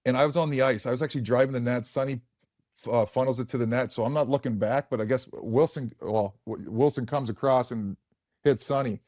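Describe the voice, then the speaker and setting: A former hockey player in his forties tells stories on a podcast, frank and rambling, packed with fillers and swearing. His medium-pitched voice is a little fast with a darkish tone, captured as clean studio sound with no echo.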